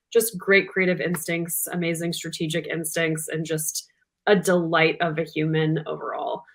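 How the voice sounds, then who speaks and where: A woman guest on an interview chat, speaking in halting phrases with many ums. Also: low voice. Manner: warm praise, hesitant ums. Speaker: agency guest.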